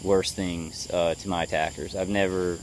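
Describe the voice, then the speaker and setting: A man giving a personal video update, halting and full of fillers and restarts, trying to stay calm and level. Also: sits low, a little hiss or hum. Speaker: vlogger.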